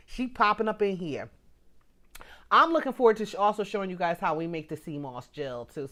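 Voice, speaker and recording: A woman's voice: sits low, a bit bright. Woman, middle-aged, livestream host, casual chat, talks straight to viewers, reads comments aloud.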